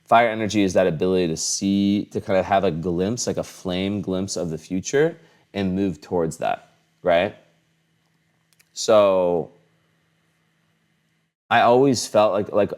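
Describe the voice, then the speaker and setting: A young adult man who makes astrology vlogs rambles casually to a camera on a fixed setup in a room at home, restarting often and using many fillers. His voice is low and darkish, and he talks a little slowly.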